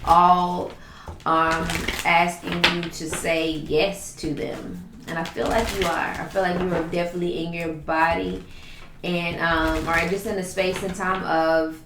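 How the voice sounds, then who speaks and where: Gravelly-voiced woman giving a tarot reading. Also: lowish voice, flat delivery, unhurried, echoey room, background noise. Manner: flowing, repetitive, affirming delivery with many list phrases. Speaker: tarot reader.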